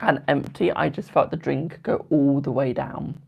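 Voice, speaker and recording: A man's voice: medium pitch, fairly even intonation, normal speed, creaky, husky, lo-fi sound. A twenty-year-old man giving tarot readings on a live stream, chatting casually and affectionately calling viewers darling and boo. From United Kingdom. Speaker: tarot reader.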